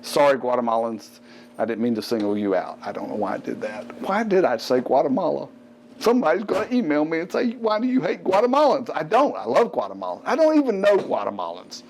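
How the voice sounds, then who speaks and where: Man, Southern American accent, middle-aged, fitness show host, casual rambling talk, joking asides, medium pitch. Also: sing-song, fast, gravelly, a little mellow, slight background noise. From Gulf Coast of the US.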